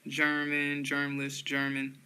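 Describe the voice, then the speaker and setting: A man slowly reading dictionary headwords aloud in a flat monotone, often restarting words. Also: fairly high pitch, clean tone, poor audio.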